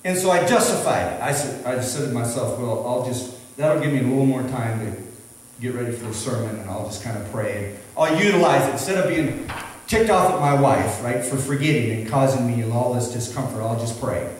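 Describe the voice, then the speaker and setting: A middle-aged man and pastor telling a story in a sermon, rambling and animated with many restarts. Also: mid-range voice, fairly quick, a little hiss or hum. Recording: echoey hall from far off.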